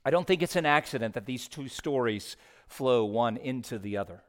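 A man preaching a sermon as pastor, moving between hushed and raised passages. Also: medium pitch, animated, normal speed.

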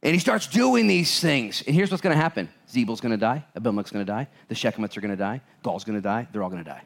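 A man's voice: lowish voice, lively intonation, fast, gravelly. A male pastor preaching a conversational sermon, asking the congregation questions and acting out voices. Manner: addresses congregation directly with questions.

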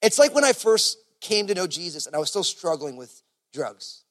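Casual, chatty pastor with a higher voice. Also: male voice, very animated, normal speed, a bit bright. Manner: casual, conversational preaching with many fillers. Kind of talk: sermon. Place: church service.

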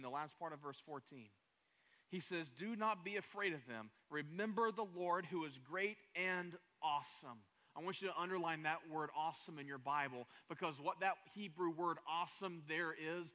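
A man's voice: fairly high pitch, sharp tone. A man in his thirties preaching a sermon as pastor, emphatic, repeating words and building to raised, passionate runs.

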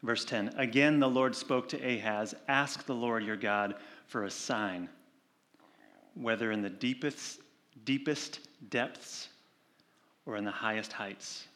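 Man preaching in a conversational way. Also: medium pitch. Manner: conversational preaching with animated retold stories; slows and softens for scripture reading. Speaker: pastor. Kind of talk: sermon.

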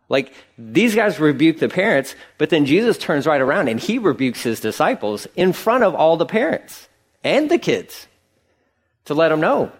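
A middle-aged man preaches with an emphatic, conversational delivery, his voice fairly high for a man. His pitch jumps up sharply when he drives a point home. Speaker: pastor. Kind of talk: sermon.

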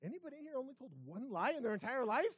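Preaching a sermon in a church sanctuary, this pastor talks at a racing pace in a high, animated, slightly rough voice that swings widely in pitch. He asks the congregation rhetorical questions and sinks into a hushed tone to press his points. The sound is close and dry, with no echo and little room around it.

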